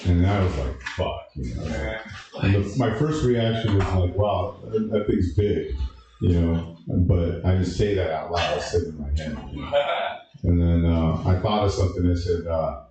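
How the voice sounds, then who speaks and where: A man doing an open-mic stand-up set, halting with lots of uh and restarts. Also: sits low, dark tone, distant mic, dull audio, slight background noise. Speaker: stand-up comedian. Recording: echoey room from a live mic.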